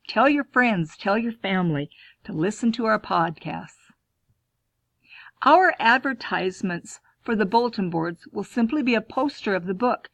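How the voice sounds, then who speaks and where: A woman school librarian teaching students, clear and instructive, posing questions and answering them herself. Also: medium pitch, no room sound. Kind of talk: classroom lesson, talking to students.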